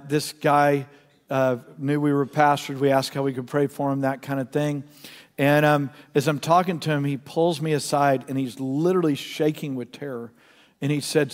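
A middle-aged male pastor preaching a sermon, passionate and storytelling, sometimes dropping to a hushed tone. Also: a little high. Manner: impassioned, storytelling, drops to hushed tones. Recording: long reverb of a church hall.

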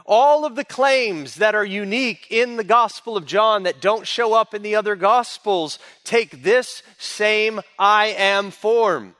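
A man's voice: sits high, a little slow, hardly any pauses, pushed and bright. A man preaching a sermon as pastor, in an earnest, emphatic way. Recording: long reverb of a large hall.

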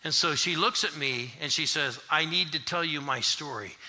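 An older man preaching a sermon, telling stories with animated swells into shouted refrains. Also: on the high side, moderate pace. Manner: animated preacher, rising to shouts when retelling another preacher. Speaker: pastor. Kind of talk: sermon storytelling.

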